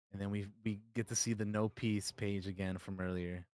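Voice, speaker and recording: A young man co-hosting a podcast, excitedly retelling a comic with casual swearing. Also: fairly low pitch, moderate pace, hardly any pauses, no echo, studio quality. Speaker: podcast co-host. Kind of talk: casual chat.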